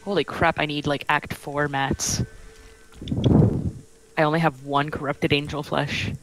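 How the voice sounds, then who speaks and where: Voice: medium pitch, level tone, measured pace, a bit bright, poor audio. A streamer chatting casually while playing, joking about the pets and talking to the cat. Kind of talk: casual gaming stream chat.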